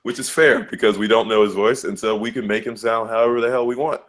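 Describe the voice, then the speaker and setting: Slangy low-voiced podcast guy. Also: fast talker. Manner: loose, slangy storytelling with animated quoted voices. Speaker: podcast co-host. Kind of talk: casual sports and news podcast chat.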